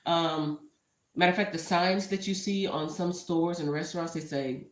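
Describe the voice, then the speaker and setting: A woman's voice: on the low side, fairly even intonation, moderate pace. A woman talking casually to the camera as a vlogger. She is heartfelt and a little emotional, and she keeps drifting into asides. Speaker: entrepreneur vlogger. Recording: roomy echo.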